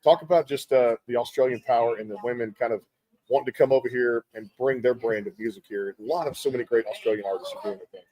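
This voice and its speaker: Fast-talking upbeat male radio host. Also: mid-range voice, mellow, low-quality recording. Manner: fast, upbeat, rambling with fillers. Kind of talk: live festival radio interview. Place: live broadcast at a music festival.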